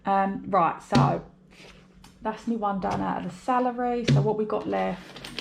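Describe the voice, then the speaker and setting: A woman's voice: medium pitch, unhurried, creaky, noisy background. A British woman chatting casually to camera while budgeting, rambling and talking to herself. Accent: British English. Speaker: budgeting vlogger. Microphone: overhead camera mic.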